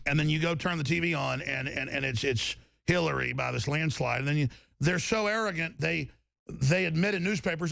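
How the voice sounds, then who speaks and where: A man's voice: on the high side, normal speed, vocal fry, fairly bright tone, no room sound. A man hosting a political talk radio show, ranting emphatically and restarting his sentences over and over. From Texas.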